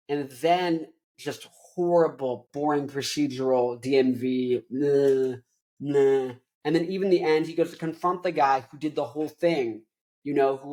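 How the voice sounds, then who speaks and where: A young man hosting his own show, ranting casually about movies in an animated, rambling way, full of "like". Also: mid-range voice. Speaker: host.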